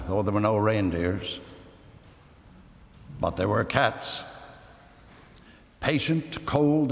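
Animated male storyteller in an echoey room. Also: mid-range voice. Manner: lively, dramatic storytelling with wide swings. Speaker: reader. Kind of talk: scripted reading of a story. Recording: echoey room with long reverb.

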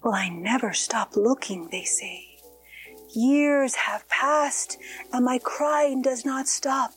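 Faint music plays behind a woman whose voice sits high as she narrates in the first person as a ghost mother weeping for her lost children. She speaks slowly and mournfully, sighing and whispering softly.

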